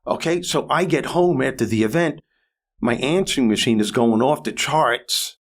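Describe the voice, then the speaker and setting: With a medium-pitched voice, this sixty-something comedian and motivational speaker recounts a story as a podcast guest. His telling is lively, swelling into louder, quicker high points.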